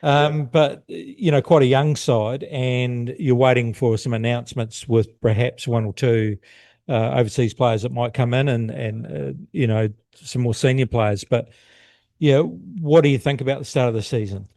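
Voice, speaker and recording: Male sports podcast host, warm mid-range voice, dry close mic. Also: mid-range voice, moderate pace, gravelly, no echo. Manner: asks questions with stumbles and restarts. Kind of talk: sports talk interview.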